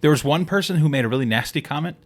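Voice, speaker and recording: A man's voice: on the high side, rapid-fire. A young man from the United States co-hosting a podcast in casual chat, joking, laughing and cursing casually. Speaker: podcast co-host.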